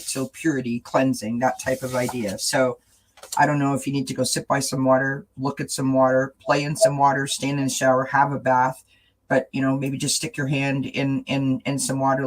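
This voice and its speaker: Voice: medium pitch, poor audio. Rambling host of a tarot live stream. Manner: rambling and warm-hearted, with many fillers. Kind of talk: casual live-stream chat, reading oracle cards.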